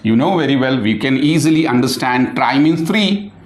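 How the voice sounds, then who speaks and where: In an echoey room, a man with a medium-pitched, animated voice gives a classroom English lesson. He goes slowly, repeating words and spelling them out letter by letter, and poses questions he then answers himself.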